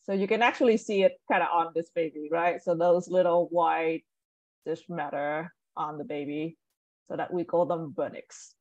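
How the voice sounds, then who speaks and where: A woman's voice: lowish voice, steady tone, normal speed, darkish tone, dry recording. A woman teaching medical English on a video call, patiently correcting pronunciation and praising students. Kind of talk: online class instruction. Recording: muffled dry video call audio.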